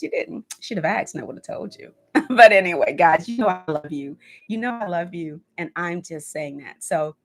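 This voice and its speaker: A woman in her fifties hosting a home decor channel, chatting casually on a livestream, emotional and encouraging, speaking of her faith and thanking viewers by name. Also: medium pitch. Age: 50s. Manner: warm, emotional, reads viewer comments; faith-filled encouraging talk.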